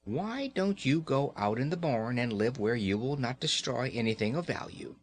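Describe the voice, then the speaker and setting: A man voicing a kind, gentle rag doll girl in a storybook reading. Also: medium pitch, lively intonation, normal speed, natural voice.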